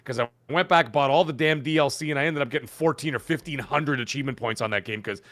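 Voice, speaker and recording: A man's voice: medium pitch, quick pace, no room sound. Rambling middle-aged man, dry sound. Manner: rambling, excitable, lots of fillers. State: hiccups. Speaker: podcast co-host. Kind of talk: casual chat.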